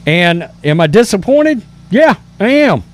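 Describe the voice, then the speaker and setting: A man's voice: high voice, very animated, measured pace. A man hosting a political commentary show, reading news aloud and reacting with emphatic indignation and stammered restarts.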